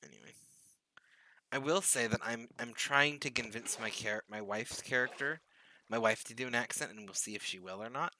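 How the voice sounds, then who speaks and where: A man's voice: mid-range voice, normal speed, pushed and bright, slight background noise, poor audio. A man hosting a live gaming stream, telling rambling, chatty stories while he plays. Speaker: streamer host. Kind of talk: casual gaming chat.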